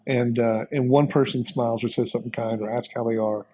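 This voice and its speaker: A man in his late fifties talks in a relaxed, rambling way, filling his stories with "uh" and "you know." His voice sits at an ordinary pitch for a man. There is a faint hiss of noise behind him. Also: fairly quick. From Texas. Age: 50s. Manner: rambling, folksy storytelling with many fillers. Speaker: interview guest. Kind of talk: casual conversation.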